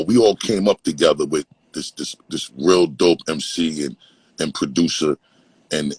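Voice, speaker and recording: A man from Brooklyn, telling animated, profane stories as a guest and slipping into impressions. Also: a bass voice, husky, no echo, rough recording. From East Flatbush, Brooklyn, New York. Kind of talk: casual storytelling.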